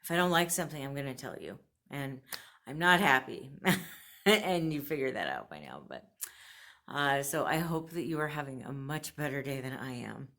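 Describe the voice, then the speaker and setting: A woman's voice: very deep voice, lively intonation, moderate pace, fairly bright tone. A woman vlogger venting to camera, blunt and frustrated, laughing between complaints. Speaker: fashion subscription box vlogger.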